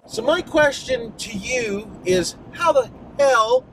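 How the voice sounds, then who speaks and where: A man's voice: extremely high pitch, expressive, slow pace. A middle-aged Canadian man vlogging while driving, ranting in a folksy, profane, mock-worked-up way. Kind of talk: casual driving vlog rant. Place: inside a moving car. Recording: noisy car interior.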